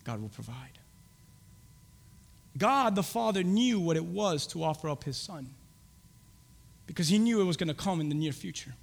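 A man preaching a sermon as pastor, swinging from loud, shouted lines to hushed whispers. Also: sits high, vocal fry. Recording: long hall reverb.

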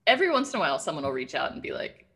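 A woman co-hosting a podcast with quick, teasing banter. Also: deep voice, very animated, fairly bright tone, husky. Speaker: podcast co-host. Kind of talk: casual chat.

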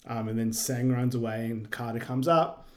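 A young man with a mid-pitched voice retells movie scenes in a relaxed, unhurried podcast chat. He fills his pauses with frequent ums. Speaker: podcast co-host. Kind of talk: casual movie recap chat.

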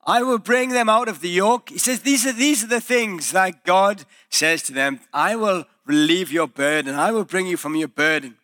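Preaching in church, this male pastor brings the story to life and voices the quoted characters himself. He speaks in a high register at normal speed, with hardly any pauses.

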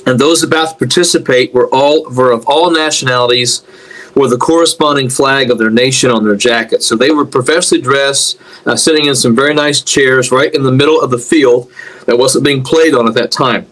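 A man dramatically recounts a prophetic dream, often repeating words as he searches for them and slowing and dropping low to stress key lines. His voice is a bit bright, and the recording is low quality.

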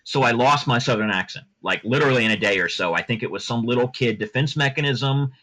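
A middle-aged male lawyer chats as a podcast guest, circling through stories with frequent restarts. His voice has a bright, forceful edge. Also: mid-range voice, fast talker, a little hiss or hum, rough recording. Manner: chatty, rambling with many restarts. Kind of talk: casual podcast interview.

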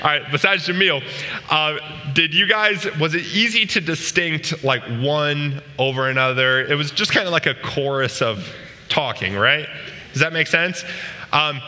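Man, youth pastor, relaxed joking sermon, bright sharp tone, long hall echo. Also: on the high side. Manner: casual and joking, asks the room questions often. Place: large room with a live audience.

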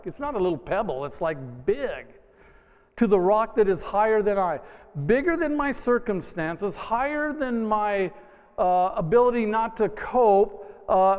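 A male pastor preaches in a conversational, emphatic way, tossing in lively asides. His voice sits fairly high. The sound is a little dull, with long reverb from a church sanctuary. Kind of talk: sermon.

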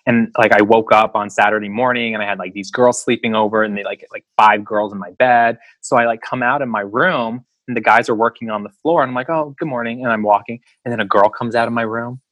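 A man hosts a casual podcast chat, reacting and asking quick questions. His voice is medium-pitched and sounds dry, close, with no room around it. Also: steady tone, fairly bright tone, no echo.

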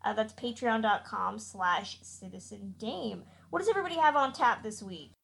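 A woman's voice: mid-range voice, expressive, normal speed, creaky, a bit bright, husky. A woman hosting a podcast, chatting casually through the show's sign-off and plugs, with fillers and laughs. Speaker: podcast host. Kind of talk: casual podcast outro chat.

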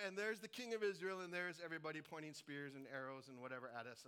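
A man's voice: on the high side, very fast, hardly any pauses, clear, resonant tone. A middle-aged man from Colorado preaching a sermon, telling stories with humor and acted-out voices. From Colorado, United States. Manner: animated storytelling with humor and voices. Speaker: pastor.

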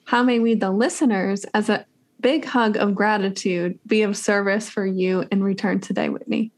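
A woman hosts a podcast and speaks in an effusive, gushing manner, full of thanks and praise. Her pitch is mid-range. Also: steady tone, moderate pace. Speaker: podcast host. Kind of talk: casual interview chat.

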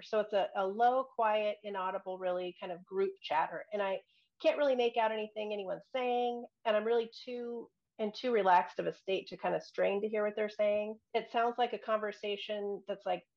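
Excitable chatty woman, lo-fi sound. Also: medium pitch. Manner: chatty storyteller, excitable, giggly. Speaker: member asking questions. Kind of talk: casual chat.

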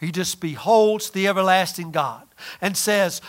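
A man pastor preaching a sermon, swinging between loud emphatic lines and hushed, near-whispered ones. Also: high voice, unhurried.

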